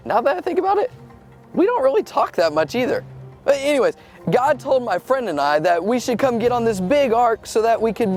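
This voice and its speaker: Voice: mid-range voice, darkish tone, natural voice. Someone doing a chill friendly lion, bouncy voice, kinda hesitant and jokey. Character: friendly, faithful male lion, easygoing. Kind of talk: comedic skit acting.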